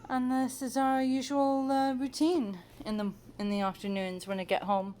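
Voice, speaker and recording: A woman's voice: sits high, monotone, moderate pace, darkish tone, a little hiss or hum. A young woman at home chatting casually to the camera while playing with her cat, teasing and cooing at him. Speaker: cat owner filming her pet.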